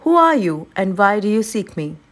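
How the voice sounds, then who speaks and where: A woman's voice: mid-range voice, very animated, normal speed. A woman reading aloud, voicing a lovely winged lady who rules the land and speaks grandly. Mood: imperious. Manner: grand, sweetly imperious.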